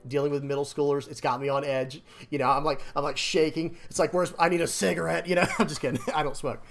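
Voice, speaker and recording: A young man with a fairly high-pitched voice talks loosely over his card game deck lists. He rambles, trips over his words and restarts, then apologizes with a quick laugh. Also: fairly even intonation, slight background noise. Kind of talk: casual chat while showing deck lists.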